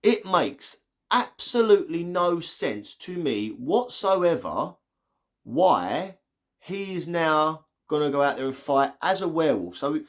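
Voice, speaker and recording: A man giving a casual, excitable spoiler review of a movie, retelling scenes with lots of "like". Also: fairly high pitch, slow. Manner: chatty, excitable retelling full of "like".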